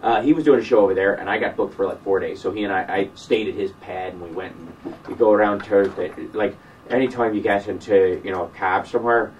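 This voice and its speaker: A man chatting as a comedian guest in a radio studio, joking and rambling with quick asides. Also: on the low side, far from the mic, highs cut off, a little hiss or hum. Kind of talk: casual radio studio chat.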